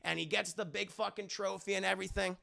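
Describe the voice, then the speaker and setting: Young male streamer, high gravelly voice, animated and profane movie recapper. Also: fast talker. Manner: animated, profane, addresses chat, acts out characters' lines.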